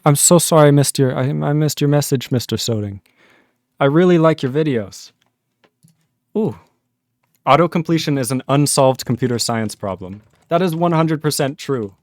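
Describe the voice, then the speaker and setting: A man hosting a programming livestream, chatting casually and excitably, rambling with quick laughs. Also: mid-range voice, dry recording, clean studio sound. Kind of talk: casual livestream chat while coding.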